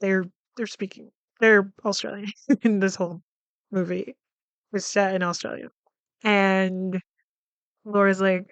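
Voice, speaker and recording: A woman's voice: medium pitch, flat delivery, measured pace, pauses often, clear, resonant tone, dry recording. A woman hosting a podcast, recapping a film in a casual, chatty way, full of "like" fillers and freely swearing. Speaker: podcast host.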